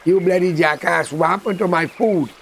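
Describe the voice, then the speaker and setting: A man's voice: high voice, normal speed, gravelly, a bit bright, a little hiss or hum, voice pushed down. A man with a Guyanese accent voicing a fat, greedy male pig who insults his keeper. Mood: scornful.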